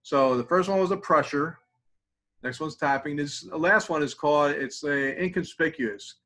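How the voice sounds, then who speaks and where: Man calmly guiding a tapping exercise. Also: fairly high pitch, normal speed, poor audio. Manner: conversational, repeats phrases while demonstrating, drops to quiet murmurs. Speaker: mindfulness instructor.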